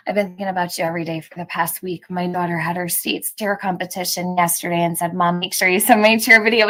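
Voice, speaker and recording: A woman's voice: on the low side, steady tone, brisk, few pauses, a bit bright. A woman hosting a live stream, chatting casually with viewers and reading out their comments, laughing often.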